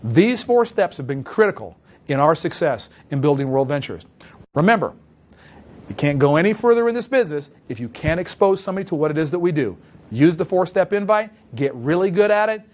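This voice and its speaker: A man's voice: on the high side, very animated, brisk, darkish tone. A man giving a sales training talk, coaching listeners step by step and acting out short sample phone calls in a direct, emphatic manner. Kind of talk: instructional talk with role-played phone calls.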